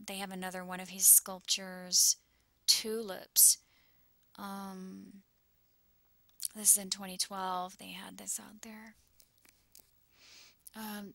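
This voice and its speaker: A woman talks anxiously over a map, shaken and near tears, her words stumbling and often sinking to a whisper. Her voice is bright with a gravelly edge. The sound is dry and close. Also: mid-range voice, dry recording. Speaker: YouTuber sharing visions.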